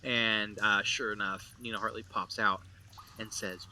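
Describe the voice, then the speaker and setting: A man narrating as game master of a tabletop role-play, casual and halting, with many fillers. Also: on the low side, level tone, pushed and bright.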